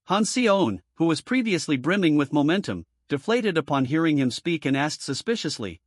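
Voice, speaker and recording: Higher-voiced man narrating a comic recap. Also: big pitch swings, normal speed, no room sound, studio quality. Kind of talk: scripted story narration.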